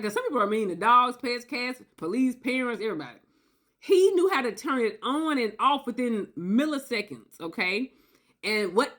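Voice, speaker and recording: A woman talking straight to her viewers in a casual, animated storytelling monologue, acting out quotes and often tagging points with "okay?". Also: mid-range voice. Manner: animated, acts out quotes, tags lines with "okay?". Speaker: video creator.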